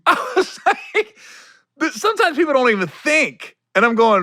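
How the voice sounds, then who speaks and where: A middle-aged man hosting a solo podcast, telling a backstage story in a loose, animated way and acting out the people in it with a curse here and there. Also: extremely high pitch, normal speed, no echo, clean studio sound. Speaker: podcast host.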